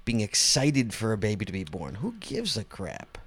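A man's voice: fairly low pitch, sing-song, normal speed, a bit bright, husky. A man co-hosting a casual chat show, telling a story with lots of laughs and stumbling restarts. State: hiccups. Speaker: podcast co-host.

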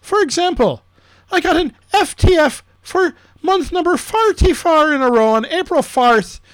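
A man's voice: expressive, moderate pace, dry recording. Man putting on a goofy fake Irish brogue. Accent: put-on Irish. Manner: goofy, sing-song, pitch leaping upward. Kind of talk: podcast banter.

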